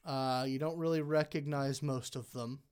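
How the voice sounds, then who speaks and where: A game master narrating a tabletop role-playing game with a halting delivery full of fillers. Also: mid-range voice, steady tone, a little mellow, clear, resonant tone.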